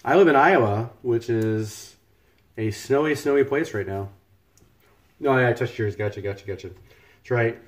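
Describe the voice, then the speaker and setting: Cooking at home on a livestream, a man talks loosely and cheerfully in an ordinary mid-range voice at normal speed, pausing often. He jokes around and thanks his viewers by name.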